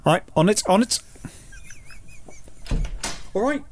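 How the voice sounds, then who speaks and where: A man's voice: sits high, expressive, slow pace, a little hiss or hum. A man co-hosting a podcast, mixing wry casual chat with scripted narration. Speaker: podcast co-host. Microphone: studio mic.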